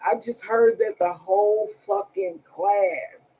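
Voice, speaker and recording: Woman, husky voice, slow drawl, sarcastic and profane, casual live-stream storyteller. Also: medium pitch, very animated, warm tone, rough recording. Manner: sarcastic, profane, laughs often. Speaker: tarot reader hosting a live stream.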